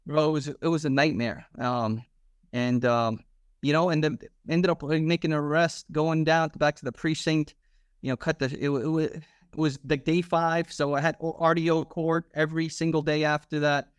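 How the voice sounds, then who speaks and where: A man in his thirties, a former police officer guesting on a podcast, telling a story casually in a slangy, animated way and acting out the dialogue. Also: fairly high pitch, normal speed, clean tone, no room sound, clean studio sound.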